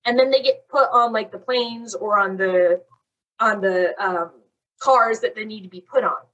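A young woman casually telling a long story on a chat podcast, animated and saying "like" constantly. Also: medium pitch, moderate pace, lo-fi sound. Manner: animated, fills talk with "like". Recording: voice a bit far from the mic.

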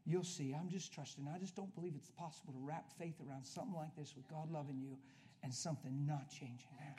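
A man preaching a sermon, telling a story and acting out both sides of a conversation, swinging from hushed talk to loud, emphatic preaching. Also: fairly high pitch, steady tone, fast, a little hiss or hum.

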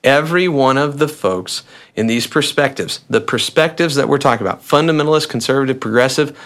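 A man, a pastor, talks through a teaching topic for a podcast. His voice sits at an ordinary mid pitch, and his delivery is conversational and explanatory, with the odd restart as he works through his points. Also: a little fast, fairly bright tone.

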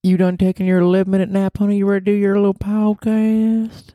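A man putting on a high cooing girlfriend voice. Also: monotone, fast talker, dark tone, faint music behind, lightly acted. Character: high-pitched sweet-talking girlfriend, young woman.

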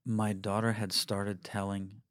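A man's voice: lowish voice, flat delivery, a little slow, fairly bright tone, no echo, studio quality. A man in his thirties co-hosting a podcast, telling a personal story in an earnest, reflective way. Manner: earnest, reflective, tells stories with quoted dialogue. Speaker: podcast co-host, parent. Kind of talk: casual conversational storytelling.

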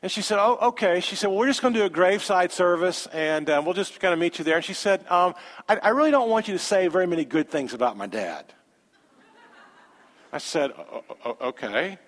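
A man, a pastor telling a story in a sermon with animated, conversational quoted dialogue. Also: sits high, fast. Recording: long hall reverb.

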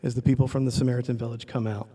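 A man's voice: medium pitch, husky. Man preaching a story-driven sermon. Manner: conversational, animated retelling with acted quotes; prayerful, soft and slow. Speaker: pastor.

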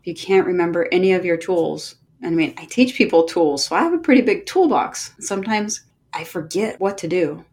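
Middle-aged woman, lowish voice, gentle, unhurried, heartfelt podcast monologue. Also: expressive. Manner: gentle, slow and unhurried with pauses; emotional, heartfelt encouragement. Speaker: podcast host and movement coach.

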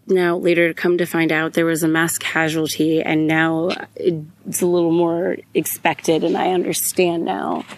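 Slow-talking candid mom, lowish voice. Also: female voice, little pitch movement, slight background noise. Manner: candid and emotional, swears freely. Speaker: podcast host. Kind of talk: personal storytelling monologue.

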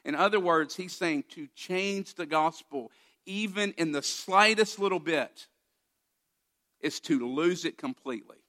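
A male pastor delivers a sermon with a bright, forceful tone pitched somewhat high. He speaks emphatically, walking listeners through the text and pressing them with rhetorical questions. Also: measured pace.

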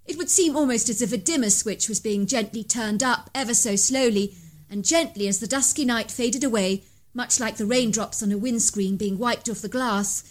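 A woman narrates a scripted bedtime story in the first person, slowing down and raising her pitch whenever the moments turn tense.

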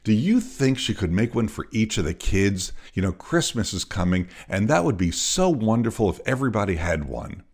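A man voicing a chatty, excited wife who gushes with enthusiasm. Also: lowish voice, moderate pace, hardly any pauses. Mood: delighted. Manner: gushing, enthusiastic.

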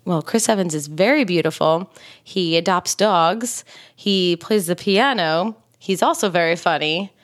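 A woman's voice: on the low side, a little slow. A woman co-hosting a podcast, chatting casually, laughing often and swearing freely. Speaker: podcast co-host. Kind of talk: casual chat.

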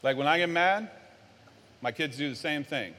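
High-voiced preacher in a reverberant hall. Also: male voice, normal speed. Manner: animated, swings from low and earnest to loud and worked-up. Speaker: pastor. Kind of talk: sermon.

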